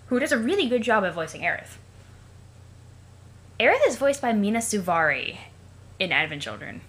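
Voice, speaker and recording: A woman talking through a webcomic playthrough on a desk mic, chatty and rambling with crude jokes. Her voice sits low but has a bright, sharp edge. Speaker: let's play host. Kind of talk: casual playthrough commentary.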